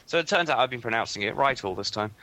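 A man's voice: mid-range voice, animated, quick pace, bright, forceful tone, a little hiss or hum. A man co-hosting a podcast, matter-of-fact as he corrects the others. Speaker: podcast co-host.

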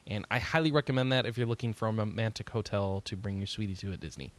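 A man's voice: lowish voice, fast. A man co-hosting a podcast, recounting a trip in easygoing casual chat with "uh"s and "um"s. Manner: easygoing, recounting trips with fillers. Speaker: podcast co-host.

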